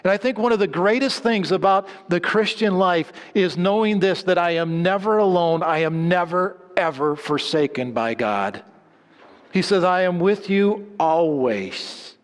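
A man preaching a sermon, swinging between emphatic lines and low, hushed endings. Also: moderate pace. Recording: long hall reverb.

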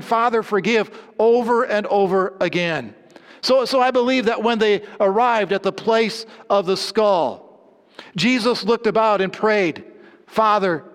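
A man's voice: sits high, a bit bright. A man preaching a sermon as pastor, earnest, building through repeated refrains with some restarts. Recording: long hall reverb.

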